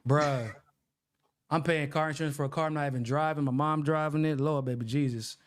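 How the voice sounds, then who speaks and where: A man's voice: on the high side, fairly quick, a little hiss or hum. A man, co-hosting a casual political chat with lots of laughter and cursing. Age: 30s. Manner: loud laughs, profane and animated. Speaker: co-host.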